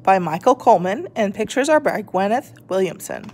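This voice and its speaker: A woman reading a children's picture book aloud in a gentle, expressive way. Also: mid-range voice, brisk, slight background noise. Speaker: storybook reader. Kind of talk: children's story read-aloud.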